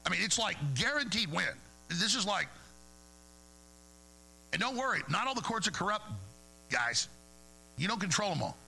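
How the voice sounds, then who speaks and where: Man, radio host, gravelly voice, heated rambling rant, repeats words, faint electrical hum. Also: high voice, sing-song, moderate pace, pauses often, pushed and bright, faint music behind, low-quality recording. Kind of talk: agitated talk radio monologue.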